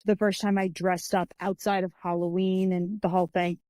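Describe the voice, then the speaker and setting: A woman telling stories in a podcast interview, animated and expressive, slipping into the voices of the people she describes. Her tone is mellow and warm rather than bright. The sound is dry and close, with no room echo. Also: fairly low pitch, moderate pace. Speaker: guest, author and martial artist.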